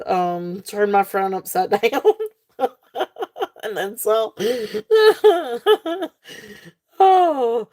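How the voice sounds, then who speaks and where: A woman's voice: mid-range voice, fairly even intonation, slow pace, pauses often, darkish tone. A woman hosting a live jewelry sale stream, giggly and gushing at her viewers, rambling with lots of fillers. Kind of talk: casual live-stream selling chat.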